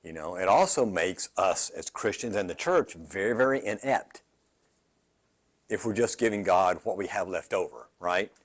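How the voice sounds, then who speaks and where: A man's voice: sits low, animated, normal speed. A man pastor teaching a midweek Bible study in a conversational way. He often checks in with "right?" and repeats words as he goes. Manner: conversational, asks the group questions like "right?".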